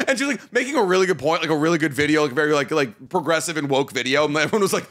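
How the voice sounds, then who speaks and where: A man's voice: fairly high pitch, rapid-fire, few pauses, a bit bright. A young man co-hosting a casual podcast, rambling with lots of fillers and free swearing. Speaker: podcast co-host.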